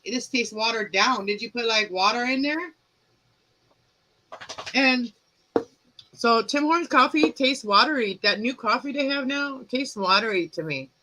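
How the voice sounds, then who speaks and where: A woman's voice: a little high, pushed and bright, low-quality recording. A woman hosting a live stream, chatting loosely on a webcam and laughing often. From Canada. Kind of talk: casual chat.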